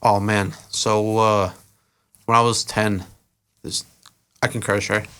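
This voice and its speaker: A young adult man guesting on a podcast, who works as an event organizer and rapper, tells long, loose stories at an easy pace. His slightly low voice is smooth, and he rambles in a relaxed way, dropping frequent "uh"s and restarting now and then.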